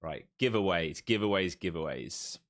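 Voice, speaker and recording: A man's voice: low-pitched, animated, moderate pace, a bit bright. A man hosting a live trading stream, giving jokey, repetitive commentary and urging his viewers on. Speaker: live stream host and trader.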